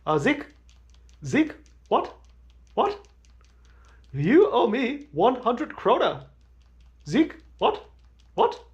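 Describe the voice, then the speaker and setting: A man's voice: very high voice, huge pitch swings, drawn-out words, pauses often, highs cut off, pitched above the performer's own voice, full character voice. A man doing a mocking impression of a big, pushy male roommate who keeps calling out shrilly and demanding money. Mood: shrill, nagging.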